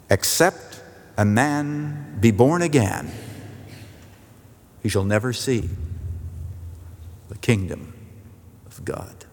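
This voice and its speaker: A man preaching a sermon as pastor, emphatic and repetitive for force, dropping to a hush at key endings. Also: mid-range voice, creaky, in a large hall. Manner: emphatic, repeats phrases for force, drops to quiet at endings.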